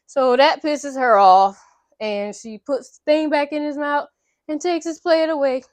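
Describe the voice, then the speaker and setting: Chatty, animated woman recapping a movie. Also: high voice, a little slow, no room sound. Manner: chatty, animated, slangy, profane. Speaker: vlogger.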